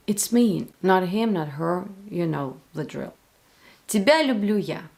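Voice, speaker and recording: A woman with a Russian accent, a native Russian speaker, teaching the language to viewers slowly and clearly, with playful spoken examples. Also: medium pitch, animated. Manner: slow, clear, playful demonstrations. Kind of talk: explaining to viewers.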